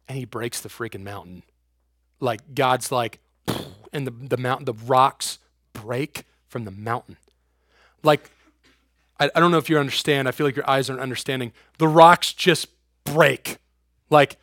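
Casual, energetic male preacher. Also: mid-range voice, normal speed, no room sound, clean studio sound. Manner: energetic, swings between loud and hushed; casual slang. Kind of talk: informal youth sermon.

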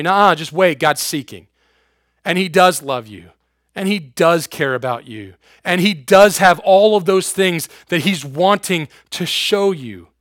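A man preaching an informal youth sermon in casual slang, swinging between loud and hushed. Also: high-pitched, lively intonation, normal speed, no echo, studio quality.

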